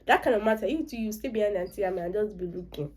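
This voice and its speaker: A woman's voice: mid-range voice, fast talker, darkish tone. A young Nigerian woman recapping a series episode in a chatty, opinionated way, with asides in Pidgin and Yoruba. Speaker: vlogger. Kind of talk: casual reaction recap.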